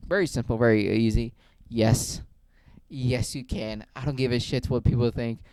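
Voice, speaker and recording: A man's voice: mid-range voice, fairly even intonation, moderate pace, a little mellow. A man delivering a heated, blunt opinion rant to camera, full of profanity. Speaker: video creator.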